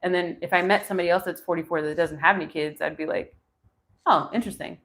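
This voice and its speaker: A woman's voice: fairly low pitch, steady tone, very fast, fairly bright tone. A woman in her forties doing a live tarot reading, musing aloud as she turns the cards and talks to viewers. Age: 40s. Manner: musing, thinking aloud between card pulls. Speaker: tarot reader.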